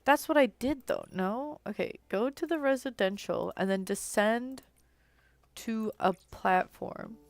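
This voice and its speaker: A woman's voice: a little high, a little slow, vocal fry. Chatty young woman streaming a game. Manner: rambling and chatty, fills speech with "like". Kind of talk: casual live-stream chat while gaming.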